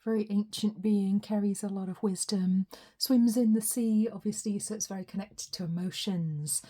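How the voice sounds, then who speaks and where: A woman giving a casual tarot reading, her voice a little hoarse from a recent cold, chatty and often laughing. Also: medium pitch, fairly even intonation, normal speed. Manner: chatty, laughs often, some soft whispery asides. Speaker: tarot reader.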